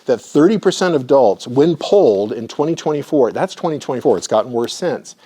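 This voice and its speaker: A man's voice: mid-range voice, expressive, a little fast, dark tone, husky. A middle-aged man, a clinical supervisor, giving a conversational lecture full of personal stories and often checking in with his audience.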